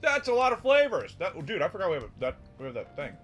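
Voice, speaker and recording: A man's voice: high-pitched, huge pitch swings, fast talker, fairly bright tone, slightly rough, soft background music. Rambling, joking young man gamer. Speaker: streamer playing a game. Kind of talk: casual gaming chat.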